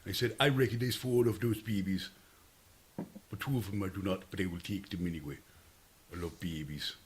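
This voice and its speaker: A man doing a playful impression of a laid-back Jamaican man, in a low, hushed, drawling Jamaican accent. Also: a little fast, natural voice. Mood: rambling. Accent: Jamaican, put on.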